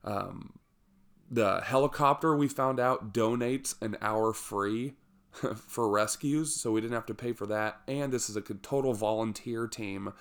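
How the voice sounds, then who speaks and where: A man telling a personal story with humor, lively and self-mocking, with jokey asides. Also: lowish voice, unhurried, smooth.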